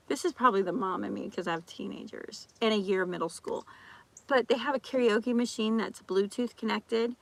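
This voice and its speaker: A woman's voice: medium pitch, gravelly, no echo. A woman vlogger in casual chat, ranting animatedly with lots of repeats and acted-out quotes. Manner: talks fast with restarts and repeats.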